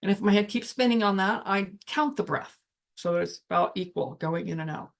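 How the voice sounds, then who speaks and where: A woman casually teaching, speaking reflectively and guiding the listener through slow breathing, often trailing off mid-sentence. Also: mid-range voice, vocal fry. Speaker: spiritual coach.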